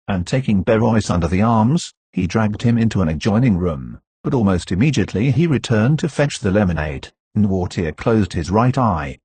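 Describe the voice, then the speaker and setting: A man narrating a classic novel in a steady, measured reading, recorded close to the mic. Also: fairly low pitch, slightly rough, dry recording. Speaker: audiobook narrator.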